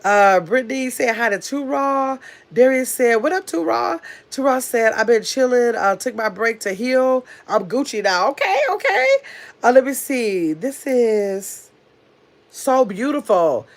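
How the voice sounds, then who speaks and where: A woman chats through her livestream and reads viewers' comments aloud into her phone. She answers each one in a loose, rambling way, with plenty of fillers and restarts. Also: a little high. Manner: says she talks fast. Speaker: livestream host reading chat. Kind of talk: casual chat.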